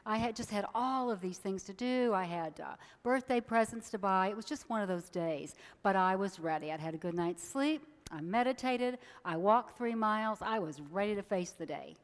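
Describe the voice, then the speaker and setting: A woman's voice: mid-range voice, moderate pace, hardly any pauses. Lady minister preaching, tells stories with voices, big hall echo. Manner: animated storyteller acting out voices. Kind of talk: sermon with a told joke.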